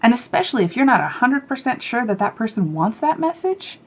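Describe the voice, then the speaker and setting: A woman hosting a knitting podcast, chatting casually to camera, excitable and chatty, and she swears freely when she rants. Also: fairly high pitch, a little fast.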